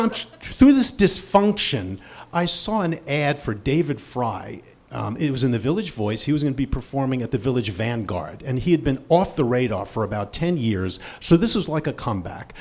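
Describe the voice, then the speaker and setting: A man in his fifties telling a personal story on stage, animated and self-deprecating. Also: medium pitch, slight background noise. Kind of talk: live storytelling.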